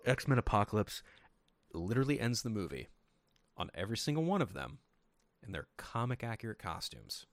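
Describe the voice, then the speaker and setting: Animated, swearing podcast host. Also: male voice, lowish voice, brisk, gravelly, no echo. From Sacramento, California. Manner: animated, profane storytelling with lots of voiced quotes. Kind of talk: casual chat.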